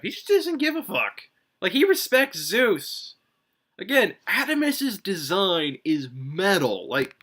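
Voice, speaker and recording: A man's voice: fairly high pitch, sing-song, unhurried, bright, forceful tone. A man giving a casual, rambling review, swearing freely and filling gaps with "like" and "um". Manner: rambling, profane, many fillers and restarts. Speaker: manga reviewer. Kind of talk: casual solo review commentary.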